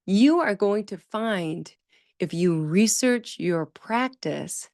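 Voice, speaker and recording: A woman talks straight into a close microphone, and the sound is dry with no room around her. She hosts a speech therapy podcast in an animated way. She leans on repeated words and acts out the voices of the people she quotes. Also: mid-range voice, takes it slowly, no room sound. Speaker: speech-language pathologist podcast host. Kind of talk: solo podcast talk.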